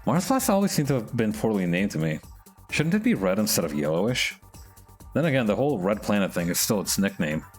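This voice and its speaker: A man's voice: fairly low pitch, big pitch swings, fairly quick, soft background music. A man voicing a wry woman bartender's inner thoughts in a near-plain voice.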